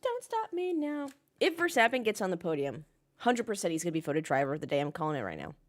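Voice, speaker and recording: A woman's voice: low-pitched, very animated, racing. A young woman casually chatting on a livestream, reading chat comments and ranting with the odd swear word. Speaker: livestream host watching a race with chat. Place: home, in Melbourne.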